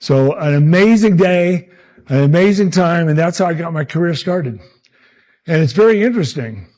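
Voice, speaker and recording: Man, sixties, slightly high voice, animated storyteller, meteorologist. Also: moderate pace. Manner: animated anecdotes, acts out quotes. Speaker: meteorologist speaker at a summit. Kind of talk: storytelling talk.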